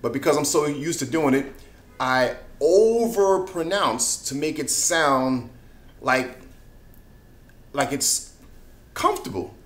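A man's voice: on the high side, expressive, takes it slowly, pauses often. Chatty male singing teacher in an echoey room. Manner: chatty, keeps asking "you know what I mean?"; laughs between points. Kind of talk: casual online singing lesson.

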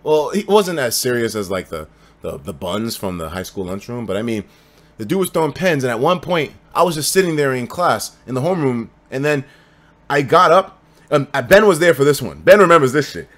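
Young guy livestreaming, cussing a lot, goes from mumbling to yelling, super lively voice. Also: brisk. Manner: animated, swings from low mutters to loud bursts; swears freely. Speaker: streamer. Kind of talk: casual storytelling on a livestream.

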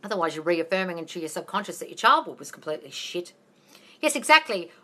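A woman's voice: lowish voice, big pitch swings, fast, bright, forceful tone. An Australian woman hosting a casual live Q&A as a manifesting coach, blunt and sweary, calling everyone darling.

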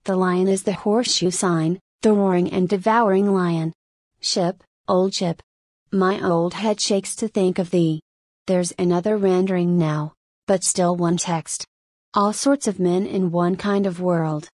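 Woman reading a wry rambling sailor talking to himself, lowish voice, dry sound. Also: steady tone, measured pace, darkish tone, no echo. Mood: musing. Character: jaunty male sailor musing aloud. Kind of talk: audiobook reading.

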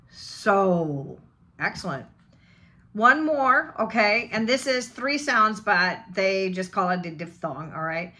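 Drilling sounds with slow deliberation, a General American–accented coach from the western US teaches pronunciation. She speaks at a middle pitch in a bright, forceful tone.

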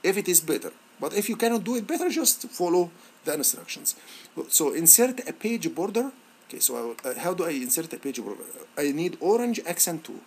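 A male instructor walking students through a software lab on screen, halting and encouraging, with many fillers and restarts. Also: on the high side, sing-song, slight background noise. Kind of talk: screen-recorded software tutorial.

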